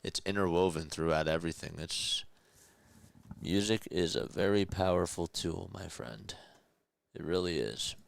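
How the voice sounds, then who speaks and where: A young man calls a ballgame in a hushed, calm radio style, reading chat between pitches. His voice is deep and gravelly yet smooth. The sound is dry and close to the mic. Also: unhurried. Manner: reads chat messages aloud between pitches. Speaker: play-by-play host.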